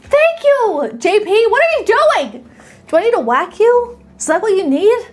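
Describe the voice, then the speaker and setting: A young woman streaming live, her voice bright and high, leaping all over the place. She is excitable and quick to squeal or giggle, chatting casually with her audience. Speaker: VTuber streamer.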